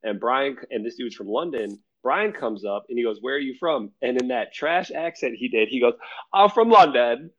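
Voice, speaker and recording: Animated man telling a story. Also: mid-range voice, normal speed, few pauses. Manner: animated, laughs often, acts out quotes. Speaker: storyteller in a group chat. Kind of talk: casual podcast storytelling. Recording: dull lo-fi sound.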